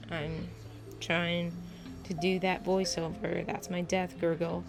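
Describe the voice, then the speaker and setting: A woman's voice: on the low side, flat delivery, takes it slowly, gravelly, music in the background. A woman casually narrating her gameplay on a laptop mic, rambling and hesitant with a self-deprecating manner.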